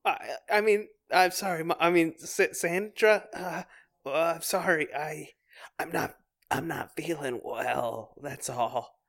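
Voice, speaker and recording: A man voicing a boy's soul inside a grown man, squeaky and breathless. He whines and stammers, climbing high whenever he panics. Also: takes it slowly. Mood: panicky. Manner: high, whiny and panicked, rising to near shouts.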